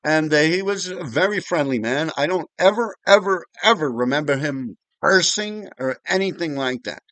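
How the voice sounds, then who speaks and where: A man, telling old neighborhood stories in loose, wandering sentences full of swearing and asides. His voice sits a bit high for a man. The recording is close and dry. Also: animated, normal speed, fairly bright tone, dry recording. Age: 50s. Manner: rambling and profane, with frequent restarts and asides. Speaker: vlogger storyteller. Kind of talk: casual storytelling.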